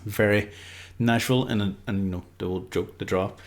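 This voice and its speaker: A man's voice: lowish voice, normal speed. A man giving casual, unscripted football predictions, rambling loosely and leaning on lots of filler words. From Ireland.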